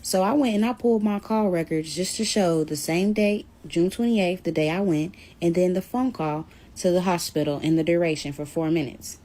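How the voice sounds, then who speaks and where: A woman's voice: on the low side, normal speed, hardly any pauses. A woman telling a personal story on her vlog in a casual, blunt way, swearing now and then. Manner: blunt, animated retelling with swearing. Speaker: storyteller vlogger.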